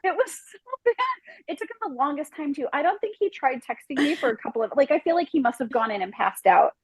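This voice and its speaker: A woman guest on a podcast telling a dating disaster story in a lively way, acting out the people in it and laughing as she goes. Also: high-pitched, fast, no room sound, low-quality recording. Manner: animated, acts out the people in her story, laughs mid-story.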